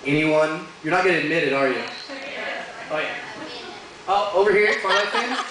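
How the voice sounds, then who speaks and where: High-voiced man doing crude stand-up. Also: normal speed, crowd noise. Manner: crude deadpan punchlines. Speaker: stand-up comedian. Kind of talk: stand-up comedy set. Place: bar stage with live audience. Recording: echoey bar room from far off.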